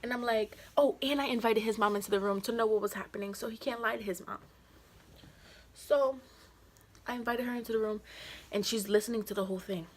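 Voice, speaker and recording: A young woman records a casual story-time vlog. She talks in loose slang and stays animated throughout, slipping into reenactments of the dialogue in her retelling. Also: on the high side, a little fast. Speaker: vlogger telling a story.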